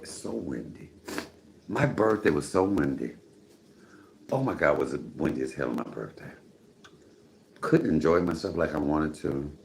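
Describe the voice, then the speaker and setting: Very deep gravelly man in his fifties. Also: a little hiss or hum. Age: 50s. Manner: animated, repeats "come on, somebody". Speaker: vlogger. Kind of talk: casual chat to camera. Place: home apartment, indoors, cooking. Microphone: camera mic.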